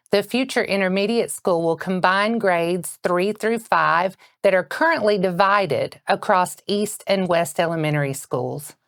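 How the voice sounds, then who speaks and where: A woman anchoring a local morning news bulletin with a Southern American accent, reading in a steady, measured way. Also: mid-range voice, dry recording, studio quality.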